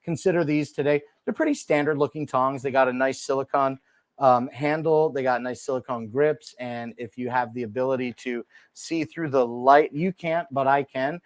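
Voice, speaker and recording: A man's voice: medium pitch, moderate pace, no echo. A man hosting a casual shopping livestream, chatty and full of fillers, calling the audience dude and bro from his desk. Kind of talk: casual product showcase livestream. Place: small room at a desk. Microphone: desk microphone.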